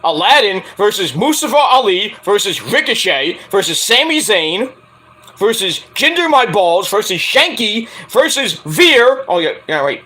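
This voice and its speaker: A man's voice: high-pitched, sing-song, unhurried, bright, forceful tone. A man giving a rambling, joking casual livestream review of a wrestling show.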